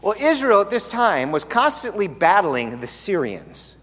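A man's voice: high voice, big pitch swings, measured pace, fairly bright tone. A man preaching a sermon in a conversational storytelling way, with playful asides. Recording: long hall reverb.

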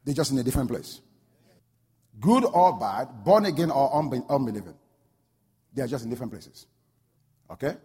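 A man preaching a sermon, telling a story and building to loud, fervent peaks. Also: medium pitch, expressive, normal speed, pauses often, breathy edge. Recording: long hall reverb.

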